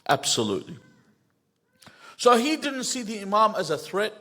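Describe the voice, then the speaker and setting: A middle-aged man giving a sermon, swinging between loud emphatic rises and quiet asides and quoting Arabic lines before translating them. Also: sits high, big pitch swings, normal speed. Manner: quotes Arabic phrases then translates them. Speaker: sheikh giving a mosque lecture.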